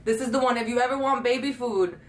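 A woman's voice: on the high side, fast. A young woman vlogger chatting casually and playfully while taste-testing food, often breaking into giggles. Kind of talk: casual chat. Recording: echoey room with faint hum.

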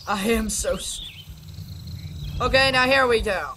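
A woman gaming YouTuber doing let's play commentary, excitable and chatty, talking to the creatures in the game. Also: a little high, measured pace, pauses often. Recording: game clucking and rooster noise behind.

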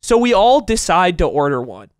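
A young man co-hosting a podcast, telling a long story in animated casual chat, swearing and laughing as he goes. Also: high voice, moderate pace, smooth, no room sound, studio quality. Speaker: podcast co-host.

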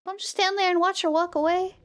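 A woman streamer chatting casually and excitably while gaming, humming to herself, her voice going hoarse. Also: very high voice, quick pace. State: losing her voice.

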